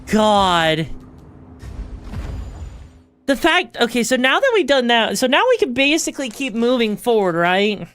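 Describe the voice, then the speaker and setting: A young woman streaming a video game, reacting excitedly, swearing freely and tossing in fillers and tag questions. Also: a little high, a little slow, long pauses, faint music behind. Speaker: VTuber streamer. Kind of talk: live gameplay commentary.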